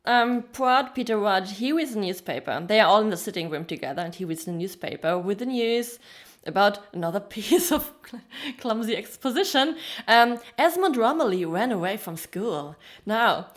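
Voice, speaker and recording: A woman co-hosts a casual review podcast, talking through scenes with plenty of ums and small laughs. Her pitch sits in an ordinary middle range. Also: expressive, normal speed. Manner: chatty, frequent ums, laughs while telling details. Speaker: podcast co-host.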